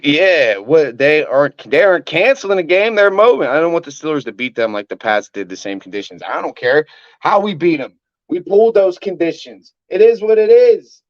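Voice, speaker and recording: A man's voice: fairly high pitch, expressive, moderate pace, lo-fi sound. A man, angrily ranting on a live stream as a sports fan and swearing often. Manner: angry, profane ranting.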